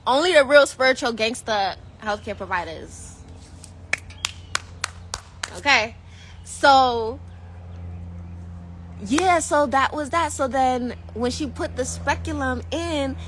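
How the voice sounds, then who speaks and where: A woman vlogger telling a casual storytime, animated and slangy, laughing often. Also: sits high, slow pace, long pauses, slight background noise, low-quality recording.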